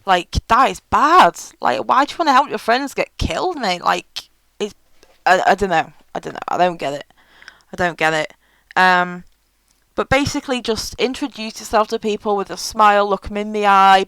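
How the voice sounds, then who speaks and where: Smooth-voiced woman vlogging. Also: mid-range voice, fairly bright tone, no room sound, low-quality recording. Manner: frank and chatty, with many fillers. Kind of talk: casual advice vlog.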